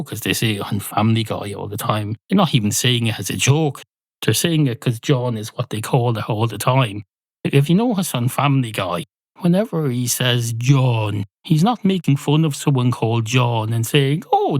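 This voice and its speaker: An Irish man hosting a podcast launches into a rambling comic monologue of mock outrage, cursing freely as his pitch leaps about. The recording has no echo.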